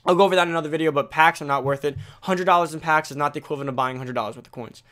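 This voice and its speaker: A teenage male gaming video creator talking fast and casually, restarting phrases as he explains tips straight to viewers. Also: on the high side, sharp tone. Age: teens. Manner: rapid, self-correcting, talks straight to viewers. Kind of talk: fast casual game commentary.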